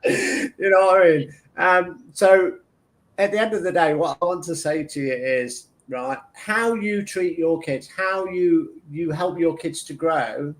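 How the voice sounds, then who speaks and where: Fairly high and fairly bright, this man's voice carries a rambling psychic reading on a live stream, where he works as a tarot reader and medium. He meanders and chats, stumbles through fillers and restarts, and acts out the arguments he has with himself.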